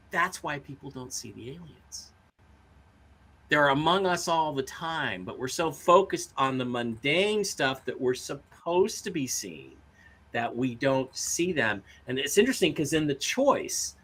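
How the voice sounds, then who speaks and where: A man's voice: medium pitch, a bit bright, husky. A man co-hosting a talk show, telling stories casually and acting out quotes in a raised voice. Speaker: co-host. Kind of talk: casual storytelling chat.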